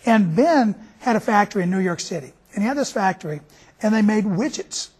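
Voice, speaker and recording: A man's voice: high voice, lively intonation, fairly quick, darkish tone, husky. A man hosting a TV show, telling a story in a folksy, conversational way. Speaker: TV show host.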